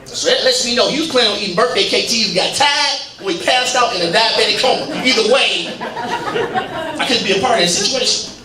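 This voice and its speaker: Stand-up comedian man, high voice, echoey hall. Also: fairly quick, crowd noise. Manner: animated storytelling, voices friends in quoted asides. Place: legion hall stage, live audience. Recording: echoey hall, captured from a distance, noisy. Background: audience laughter.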